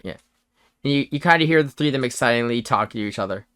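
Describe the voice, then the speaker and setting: Halting game-master man, dry sound. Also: medium pitch, animated, a bit bright, clear, resonant tone, dry recording. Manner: halting, full of fillers and restarts. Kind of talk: narrating a tabletop game.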